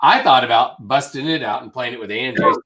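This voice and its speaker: A man's voice: mid-range voice, huge pitch swings, fairly quick, background noise. A man co-hosting a casual live stream, chatty and rambling. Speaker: co-host of a reseller live show.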